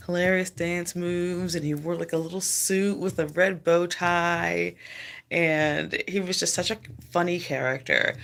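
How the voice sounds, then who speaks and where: A woman's voice: low-pitched, gravelly, a bit bright. A woman livestreaming from home, chatting casually in a rambling, giggly way. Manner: rambling, giggly, doting baby talk to her cat. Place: home, indoors.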